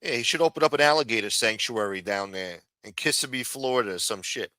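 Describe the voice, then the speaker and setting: A crude, sarcastic livestream host from New rambles through his rants. His tone is sharp and bright, and his voice sounds close and dry. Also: medium pitch, fast talker, no room sound. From New York. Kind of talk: profane ranting livestream chat.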